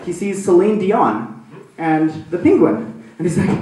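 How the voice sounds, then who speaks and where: A man doing stand-up, telling a story in a rambling, animated way with plenty of fillers. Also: high-pitched, measured pace. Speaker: stand-up comedian. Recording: echoey room from a distant mic.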